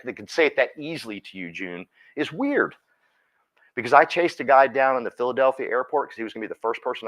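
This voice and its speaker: A man speaks to a live audience with an animated, sweeping voice that rises and drops. His delivery is emphatic, and he often turns to single listeners by name. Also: medium pitch. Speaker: speaker at a real estate team meeting. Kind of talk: motivational talk to a live audience.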